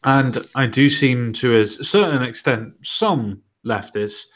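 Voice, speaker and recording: A man's voice: mid-range voice, lively intonation, unhurried, fairly bright tone. A man hosting a casual political podcast, talking loosely and mocking what others said. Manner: conversational, mocking quotes. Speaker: podcast host.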